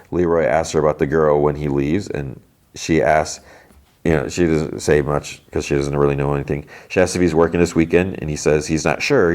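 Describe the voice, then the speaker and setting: A man's voice: a bass voice, darkish tone. A man hosting a podcast, casually retelling a TV episode scene by scene, full of "like" and quoted lines. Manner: retells scenes loosely, peppered with "like" and quoted dialogue. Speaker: podcast host.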